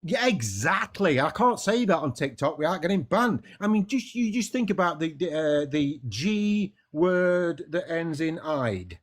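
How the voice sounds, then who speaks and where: An Englishman calls in to a heated casual debate, arguing passionately and tripping over repeated words. His voice is on the high side and sing-song, unhurried yet with hardly any pauses.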